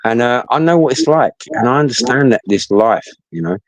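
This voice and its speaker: A man's voice: medium pitch, expressive, fairly quick, no room sound, rough recording. A middle-aged man, telling a story in casual chat, blunt and sweary, often repeating himself.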